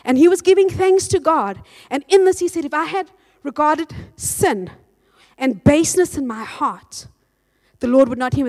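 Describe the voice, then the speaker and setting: High-voiced woman preaching a sermon. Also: moderate pace. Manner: lively preaching, reads scripture aloud and acts out quotes. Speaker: pastor.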